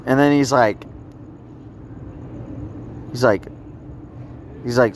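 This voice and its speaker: A man of middle pitch tells a long personal story in a halting, repetitive way, circling back and trailing off. He records outdoors, with light traffic hum behind him. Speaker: vlogger.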